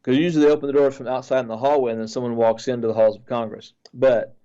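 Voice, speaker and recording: A man's voice: medium pitch, fairly even intonation, fast, mellow, clean tone, muffled recording. A male pastor earnestly recounting a dream he had, with frequent restarts and repeated phrases as he tells it.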